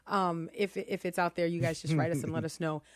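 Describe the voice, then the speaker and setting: A woman's voice: fairly low pitch, steady tone, a little fast, no room sound, clean studio sound. A middle-aged woman co-hosting a talk radio show, chatty and emphatic, laughing easily between points. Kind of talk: casual talk radio commentary.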